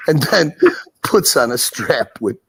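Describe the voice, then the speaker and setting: A man with a husky voice, a guest on a livestream panel, joking and flirting in casual chat with lots of laughter. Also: medium pitch, expressive, slow, fairly bright tone, no echo. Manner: flirty, teasing, laughs a lot.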